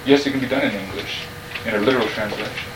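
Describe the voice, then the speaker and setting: A man's voice: on the low side, quick pace. A man teaching a class on New Testament Greek, patiently explaining each word and checking that the students follow. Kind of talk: classroom lecture. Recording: distant mic, noisy room.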